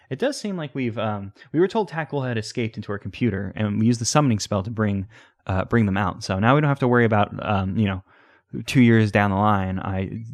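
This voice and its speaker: A man's voice: lowish voice, dry recording. A man hosting a let's play, rambling and hesitant as he talks to the game's pets. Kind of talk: casual game commentary.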